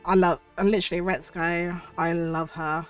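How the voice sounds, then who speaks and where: A woman streamer with a cold, her voice husky, chatting effusively with viewers. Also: on the low side, level tone, moderate pace, faint music behind. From United Kingdom. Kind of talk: casual livestream chat.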